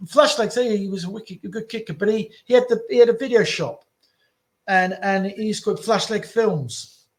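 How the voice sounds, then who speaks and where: A middle-aged man on a podcast, talking in an animated, slangy way. He repeats himself as he builds a story, his voice a little high for a man. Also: moderate pace. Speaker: guest telling his story. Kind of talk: casual storytelling.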